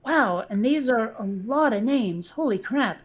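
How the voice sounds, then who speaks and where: A woman's voice: on the high side, expressive, a little slow, slightly rough. A woman hosting a casual chat show, talking loosely and laughing at herself while reading aloud. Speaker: show host.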